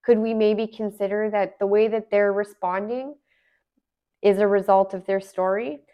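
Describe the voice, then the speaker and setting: A woman's voice: mid-range voice, fairly even intonation, moderate pace, clear, resonant tone, highs cut off. A woman from Alberta, musing in a casual, earnest monologue full of rhetorical questions. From Alberta, Canada.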